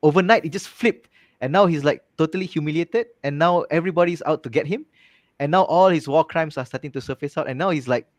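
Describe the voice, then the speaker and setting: A man co-hosting a casual religious podcast. He talks in an animated way and keeps checking in with "right?". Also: fairly high pitch, fast, no echo, clean studio sound. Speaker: podcast co-host.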